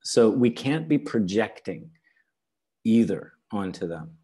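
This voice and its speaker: A man giving a teaching webinar over a video call, unhurried, often checking in with "all right?" and "okay?". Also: lowish voice, expressive, dark tone. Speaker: webinar presenter.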